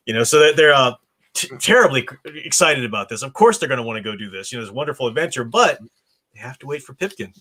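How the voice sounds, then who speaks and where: American male host, book discussion, reads the lines with animated voices. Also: mid-range voice, quick pace. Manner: reads dialogue with lively expressive voices. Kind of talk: reading aloud and discussing a novel.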